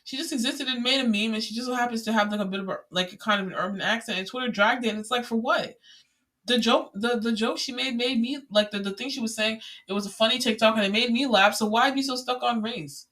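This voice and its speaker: Bright-voiced, chatty young podcast host. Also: medium pitch, fast. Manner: chatty, rambling, many filler words; exasperated ranting. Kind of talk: casual solo podcast monologue.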